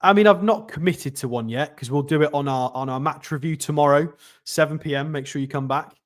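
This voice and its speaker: Man, football channel host, live watchalong commentary, excitable, chatty, thanks viewers. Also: fairly high pitch, brisk. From North East England.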